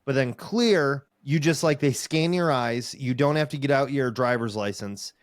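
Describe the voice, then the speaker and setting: A male comedian co-hosting a podcast talks in a wry, rambling way and slips into other people's voices as he tells stories. His voice sits at an ordinary pitch for a man. The sound is dry and close, with no room echo. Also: normal speed. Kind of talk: casual chat.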